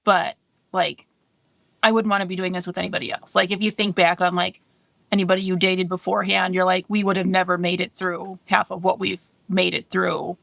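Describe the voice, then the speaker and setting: A woman's voice: on the low side, flat delivery, a little fast, gravelly, fairly bright tone, dry recording. A woman in her thirties co-hosting a casual podcast chat, candid and chatty, laughing often. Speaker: podcast co-host.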